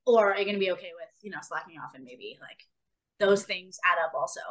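Fast-talking and a bit bright, with fairly low pitch and lively intonation, this sports podcast co-host and athlete keeps the chat casual yet sincere. She motivates by repeating key phrases for emphasis.

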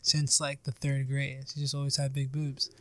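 A man's voice: medium pitch, completely flat delivery, moderate pace, fairly bright tone, no echo. A young man in casual chat, telling a story with plenty of swearing and laughter.

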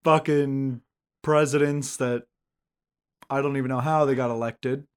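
A man's voice: mid-range voice, steady tone, a little slow, clear, resonant tone. A young man co-hosting a podcast, talking in an easygoing, rambling, joking way. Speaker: podcast co-host. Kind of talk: casual chat.

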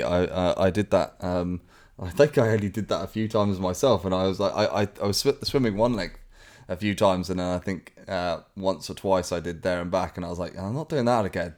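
A man's voice: deep voice, brisk, darkish tone. A man co-hosting a podcast, teasing his friend dryly, with frequent hesitations. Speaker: podcast co-host. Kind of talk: casual podcast chat.

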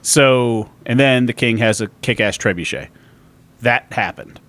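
A man co-hosting a casual movie podcast, recapping the plot in an animated way with casual swearing and quick asides for the characters. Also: medium pitch. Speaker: podcast co-host. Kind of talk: casual movie-review chat.

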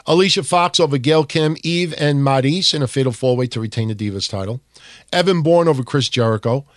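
A man hosting a casual wrestling history podcast, reading with mock enthusiasm and dropping into deadpan asides. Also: medium pitch, a little fast, no echo, clean studio sound. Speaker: podcast host.

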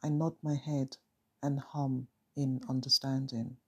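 A narrator reading a first-person story in a calm, measured, reflective way. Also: medium pitch, husky.

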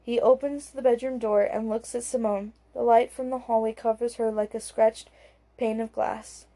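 A woman narrating a thriller audiobook in a calm, even storytelling manner. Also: fairly high pitch, normal speed. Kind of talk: scripted narration.

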